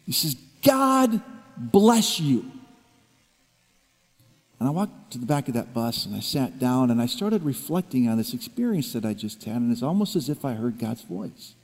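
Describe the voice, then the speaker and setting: A man preaching a sermon, telling a personal story in hushed low tones that rise into emphatic preaching. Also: big pitch swings, moderate pace. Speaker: pastor. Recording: long reverb of a large hall.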